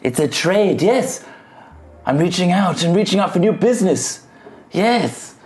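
A woman's voice: lowish voice, very animated, measured pace, darkish tone. A woman playing a tabletop game, talking in character with a theatrical, laughing delivery. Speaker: player. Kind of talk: in-character role-play.

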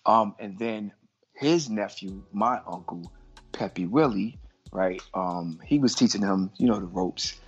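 A middle-aged man from Brooklyn, a guest on a casual podcast, telling lively stories and acting out the voices in them. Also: lowish voice, unhurried, husky. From Brooklyn, New York. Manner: animated storyteller, acts out voices in anecdotes. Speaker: guest artist. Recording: muffled lo-fi audio with faint music.

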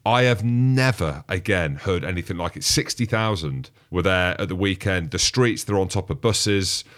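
On a rugby podcast, a man with a very low, deep voice chats casually at normal speed. He's an animated storyteller who slips into the voices of the people he quotes.

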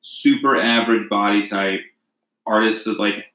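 Low-voiced man chatting in an echoey room. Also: steady tone, moderate pace, pushed and bright. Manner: rambling, many fillers and restarts. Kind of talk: casual chat about reality TV.

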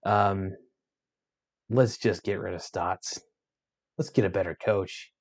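A man's voice: deep voice, fairly even intonation, takes it slowly, darkish tone. A tired man ranting in exasperation about his basketball team, swearing and restarting his sentences as he vents. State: yawning, tired. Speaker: sports vlogger. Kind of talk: frustrated sports rant.

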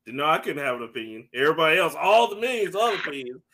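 Animated high-voiced man, loud and brash. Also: rapid-fire, noisy background. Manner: animated, loud, swearing, jumps into high shouts. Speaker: podcast co-host. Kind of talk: casual chat.

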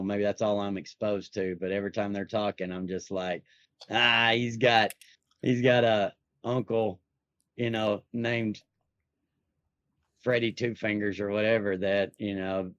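A man's voice: lowish voice, a little mellow, dry recording. Laid-back rambling man, dull lo-fi mic. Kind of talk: casual chat.

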